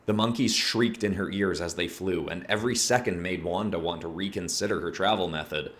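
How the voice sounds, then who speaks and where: Deep-voiced man narrating a horror story. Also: brisk, a bit bright.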